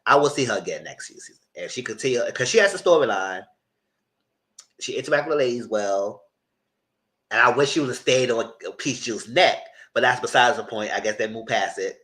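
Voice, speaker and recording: A man giving casual live commentary on a reality show, animated, repeating himself and cursing freely. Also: medium pitch, brisk.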